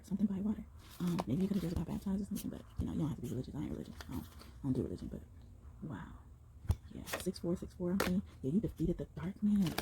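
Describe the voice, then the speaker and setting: Fast-talking woman reading tarot. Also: fairly low pitch, background noise. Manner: excited, rambling, sprinkled with exclamations and slang. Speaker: tarot reader. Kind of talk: casual channeled tarot reading to viewers.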